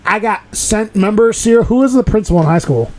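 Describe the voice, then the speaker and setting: A man hosting a casual podcast chat, telling excitable, profane stories and laughing often. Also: high voice, fast talker. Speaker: podcast host.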